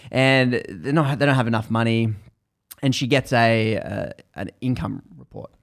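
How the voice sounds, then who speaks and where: A man's voice: medium pitch, moderate pace, vocal fry. A man casually retelling a story to a co-host, chatty and full of fillers.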